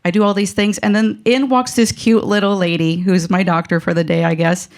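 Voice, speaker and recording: A woman's voice: mid-range voice, little pitch movement, brisk, darkish tone. A woman telling a comic personal story on a live stage, mouthy and self-mocking, with lots of fillers and laughter.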